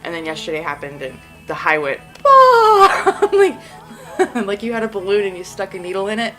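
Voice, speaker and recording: A woman's voice: on the low side, expressive, fairly quick, over music, low-quality recording. A woman hosting a casual solo podcast, sleepy and just out of bed, rambling with lots of "like" and frequent giggles. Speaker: podcast host.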